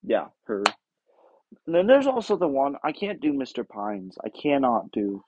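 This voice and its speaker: A man's voice: mid-range voice, huge pitch swings, normal speed, dry recording, dull audio. A man hosting his own podcast in a casual, rambling, self-deprecating way, often trailing off. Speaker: podcast host. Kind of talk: casual chat.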